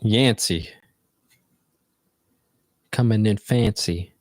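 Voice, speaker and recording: A man's voice: fairly low pitch, very slow, dry recording, studio quality. A man hosting a livestream, chatting casually in a loose, rambling, reflective way. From United States. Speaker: livestream host.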